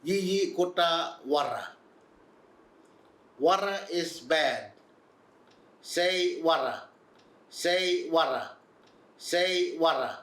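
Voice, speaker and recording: A man teaching an Aboriginal language, slowly drilling each word and patiently repeating it for learners. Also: on the high side, animated, fairly bright tone, reverberant. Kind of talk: slow instructional drilling.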